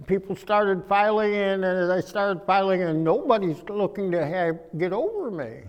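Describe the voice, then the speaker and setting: A man preaching a humorous storytelling sermon, animated, acting out voices and swinging from quiet to loud. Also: high voice, normal speed, highs cut off. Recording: echoey hall.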